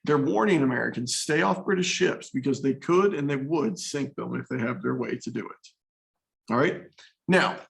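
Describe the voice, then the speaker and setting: A man's voice: mid-range voice, moderate pace, gravelly, low-quality recording. A man teaching a history class in a casual, storytelling way, talking straight to his students. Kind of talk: classroom lecture.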